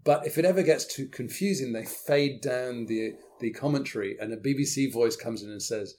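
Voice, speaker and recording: A man's voice: mid-range voice, normal speed, hardly any pauses, dark tone. A man with a British accent, an interview guest telling anecdotes with wry, self-deprecating humor. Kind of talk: anecdotal storytelling.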